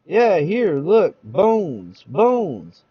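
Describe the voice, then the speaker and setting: A spiteful old codger, voiced by a man gloats in a folksy, cackling way with lively pitch. The sound is dry and a bit dull. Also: extremely slow, slightly rough, no echo, exaggerated voice. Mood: gleeful.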